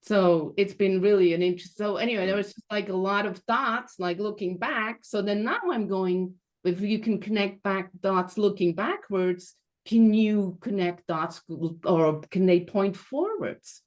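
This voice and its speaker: A woman from Switzerland giving a reflective, measured personal storytelling talk as a guest speaker over a video call. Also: mid-range voice. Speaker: guest speaker, transition coach.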